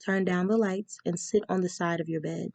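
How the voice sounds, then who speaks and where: A woman with a lowish, gravelly voice talks through a tarot reading. She reads spell steps aloud in a chatty way, often pausing with ums. The sound is dry and close. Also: steady tone, darkish tone, no room sound. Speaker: tarot reader.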